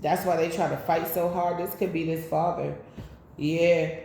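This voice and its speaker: A woman doing a tarot reading, talking in a loose, chatty, profane way with sudden loud bursts. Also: low-pitched, steady tone, unhurried, a little hiss or hum. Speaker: tarot reader. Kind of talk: casual spiritual reading and storytime. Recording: very echoey room.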